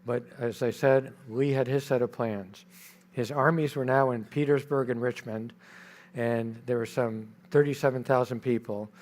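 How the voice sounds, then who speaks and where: A man's voice: medium pitch, steady tone, moderate pace, a little mellow. A man giving a talk about his history book, telling it dramatically with repeated phrases, some fillers and restarts. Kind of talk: lecture-style history talk. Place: festival stage.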